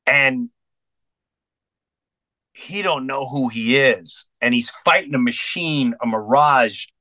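A middle-aged man with a bright, forward voice tells a story with earnest intensity. He acts out both sides of the conversations he recalls. His voice sits close and dry, with little room around it. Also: mid-range voice, slow, no echo. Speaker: guest comedian. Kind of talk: storytelling in a podcast interview.

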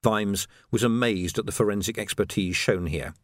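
A man narrating an audiobook in a wry, lively manner, each character given its own voice. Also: on the low side, normal speed, dry recording, clean studio sound.

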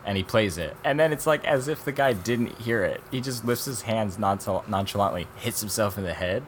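Man, podcast co-host, low voice, rambling, animated retelling, faint background noise. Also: brisk. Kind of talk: casual chat reviewing documentaries.

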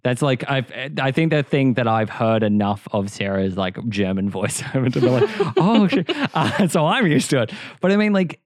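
A man with an Australian accent chats loosely, joking, swearing and stumbling over words. His voice sits at an ordinary pitch. The recording is close and dry. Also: animated, moderate pace, few pauses, no echo. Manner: chatty, joking, swears, stammers. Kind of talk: casual chat.

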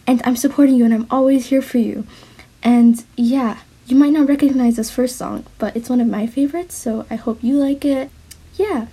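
A woman's voice: high voice, moderate pace, mellow, husky. A young woman with a slight lisp recording a casual, heartfelt voice message to her partner, rambling and mumbling with many restarts.

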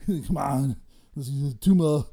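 A man's voice: mid-range voice, a little slow, vocal fry, warm tone, husky. A man doing a comic impression of a boastful bodybuilder, rambling and giggling through mock threats. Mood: scolding. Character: boastful bodybuilder impression, male, middle-aged, menacing-jolly. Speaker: comedy guest in character.

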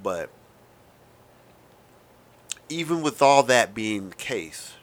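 A man's voice: medium pitch, big pitch swings. A man in his thirties hosting a casual, rambling monologue, wry and profane with lots of asides. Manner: self-described fast talker. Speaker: podcast host.

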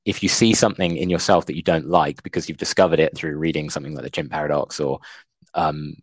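A man's voice: extremely low pitch, steady tone, quick pace, no echo. A man co-hosting a book-discussion podcast, thoughtful and a little hesitant. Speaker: podcast co-host, English teacher. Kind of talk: casual book-discussion chat.

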